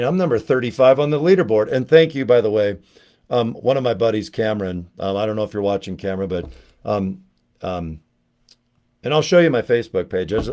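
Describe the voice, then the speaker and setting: A man's voice: medium pitch, a little mellow. A man vlogging about network marketing in a rambling, joking monologue, laughing often and slipping into silly voices.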